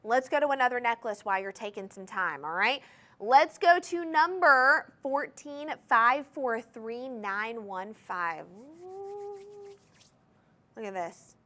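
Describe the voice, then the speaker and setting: A woman's voice: fairly high pitch, a little slow, a bit bright. Gushing woman hosting home shopping. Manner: enthusiastic, gushing, talks straight to viewers. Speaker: shopping TV host. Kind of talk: live home-shopping sales pitch. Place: TV studio.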